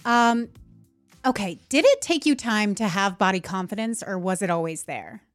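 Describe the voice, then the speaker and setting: A woman's voice: medium pitch, big pitch swings, brisk, soft background music. A woman hosting a casual chat, steering the talk and reading out listener questions. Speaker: host.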